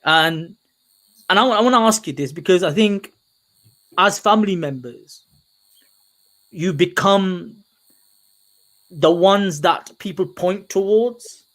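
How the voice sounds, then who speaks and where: A man's voice: sits high, slow pace, long pauses, fairly bright tone. A man co-hosting a podcast, pressing his guest with emphatic, stacked questions. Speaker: podcast co-host, interviewer. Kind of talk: probing interview questions.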